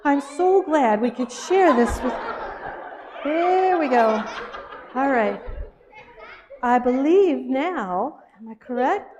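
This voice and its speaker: A woman telling a playful children's story with a puppet at a church service, animated and laughing as she coaxes and scolds. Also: high voice, slow, long pauses.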